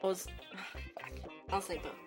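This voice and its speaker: A woman's voice: lowish voice, wildly swooping pitch, drawn-out words, over music. A woman recording fan audio drama lines at home, flustered and swearing at her slips. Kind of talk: bloopers and line readings. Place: home with a party outside.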